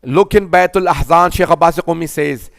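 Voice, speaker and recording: A male preacher gives a mourning sermon with an impassioned delivery that builds to fervent peaks. His voice sits high and rings smooth and resonant. The sound is close and dry, with almost no room echo. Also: moderate pace, soft background music. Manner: impassioned, rising to fervent crescendos. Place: mosque.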